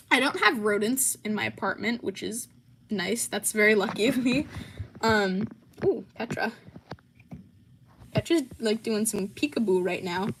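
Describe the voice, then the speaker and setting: A young American woman with a medium-pitched voice hosts a casual livestream, answering chat against a noisy background. Her speech is full of ums and likes.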